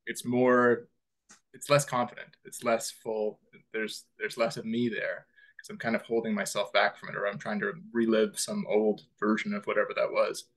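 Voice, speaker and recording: Chatty, laughing male podcast host. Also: lowish voice. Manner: rambling, animated, quick to laugh, many "like" fillers. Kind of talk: casual chat.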